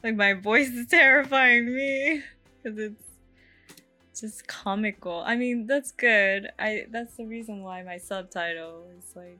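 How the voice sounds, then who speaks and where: A woman's voice: medium pitch, animated, measured pace, sharp tone, faint music behind. A young woman hosting a podcast, chatting casually in a rambling way with lots of fillers and laughing at herself. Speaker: podcast host. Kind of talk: casual chat.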